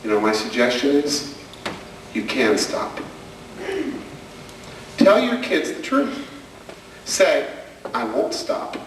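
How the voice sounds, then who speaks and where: A man's voice: medium pitch, sing-song, takes it slowly, long pauses, a little hiss or hum. Man telling stand-up stories in an echoey hall. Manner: storytelling, acting out his daughter's questions. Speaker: stand-up comedian and parenting speaker. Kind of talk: stand-up comedy routine. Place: hall with an audience. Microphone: far camcorder. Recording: echoey, distant camcorder recording of a hall.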